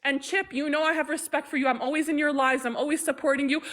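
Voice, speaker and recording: A woman's voice: sits high, fairly even intonation, fast talker, hardly any pauses, a bit bright. A Palestinian woman joining a livestream, speaking with emphatic anger and stumbling repetitions. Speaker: livestream guest. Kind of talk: impassioned casual talk.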